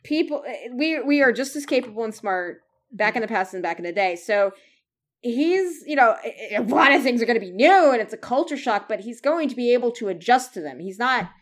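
A woman's voice: on the high side, lively intonation, brisk. A woman co-hosting a casual podcast chat, rambling with restarts and frequent laughs. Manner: rambling, laughs often, many restarts and fillers. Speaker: podcast co-host.

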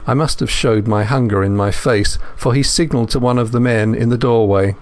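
A man narrates a first-person adventure story in a measured, steady way. His voice sits at an ordinary middle pitch for a man, suited to a long audiobook reading.

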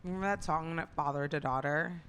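A woman's voice: low voice, brisk, a bit bright, a little hiss or hum. A woman co-hosting a casual celebrity gossip chat, talking chattily with lots of "like" and strong opinions. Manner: chatty, heavy use of "like", opinionated. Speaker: podcast co-host.

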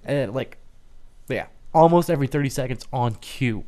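A man's voice: medium pitch, normal speed, warm tone. A man co-hosting a podcast in casual banter, teasing and dry, swearing now and then. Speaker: podcast co-host.

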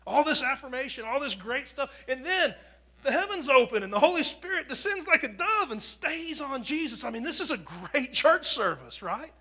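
With a very high voice and a very animated delivery at moderate speed, this US preacher gives a conversational sermon. His volume swings from loud proclamation to almost a whisper, and he often restarts and repeats words.

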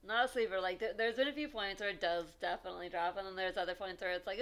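A woman's voice: mid-range voice, steady tone, fast, fairly bright tone. A woman co-hosting a podcast in casual chat, a chatty, rambling storyteller. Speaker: podcast co-host.

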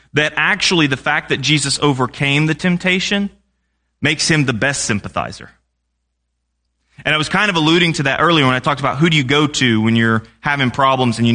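A man's voice: mid-range voice, pushed and bright. A young man preaching a sermon in a conversational way, often asking the congregation questions.

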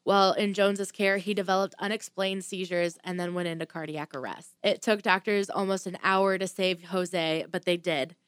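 A woman's voice: fairly low pitch, steady tone, moderate pace, few pauses, clear, resonant tone, no echo. Casual woman telling a crime story. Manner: reads case notes with blunt asides and swearing. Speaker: podcast host telling a true crime story.

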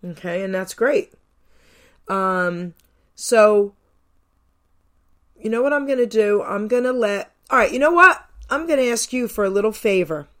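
A woman's voice: mid-range voice, animated, measured pace, long pauses, fairly bright tone. A woman from New Jersey hosting a radio show, interviewing a guest casually, enthusiastic and effusive, firing off several questions in a row.

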